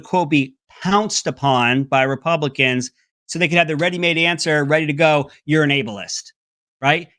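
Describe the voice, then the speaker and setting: A man's voice: bright, forceful tone, no echo, studio quality. A man hosting an opinionated political commentary segment, talking in a mocking, sarcastic way. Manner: mocking, breaks into high mimicking voices.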